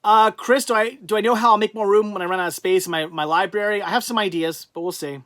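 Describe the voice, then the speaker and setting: Man, high-pitched voice, livestream host, casual rambling chat, answers viewer comments. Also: fairly even intonation, fast. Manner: rambling, reads chat aloud and thinks out loud.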